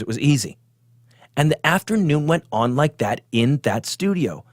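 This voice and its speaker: A middle-aged man hosting a show, delivering a self-absorbed comedic monologue that builds into excited outbursts. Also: fairly high pitch, normal speed, dry recording, clean studio sound. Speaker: podcast host.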